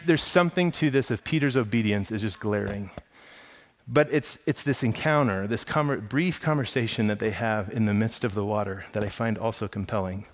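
Excited male pastor preaching a sermon. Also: a little fast. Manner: excited storytelling, with acted asides in a higher voice.

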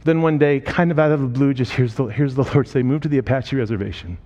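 A man's voice: mid-range voice, fast talker. A man preaching through personal stories in a conversational way, quoting the people in them. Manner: emotional, voice rising and breaking when moved; conversational, quotes people in lively voices. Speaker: speaker telling ministry stories. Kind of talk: sermon storytelling.

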